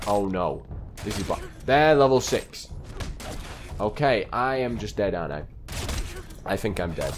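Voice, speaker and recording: A man's voice: on the low side, lively intonation, unhurried, pauses often, a little hiss or hum. A man giving live gameplay commentary, talking to himself in a flustered way and repeating phrases as he plays. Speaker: gaming channel host.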